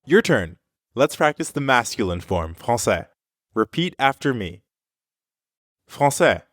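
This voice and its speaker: A man's voice: mid-range voice, very animated, unhurried, a bit bright, no room sound. Man explaining in a scripted language lesson. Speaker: French teacher.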